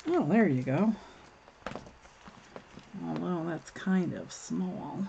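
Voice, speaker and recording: A woman's voice: lowish voice, animated, takes it slowly, vocal fry, mellow, muffled recording, a little hiss or hum. A woman hosting a crafting livestream, chatting casually and thinking aloud while she works, reading comments and laughing at them. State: hiccups.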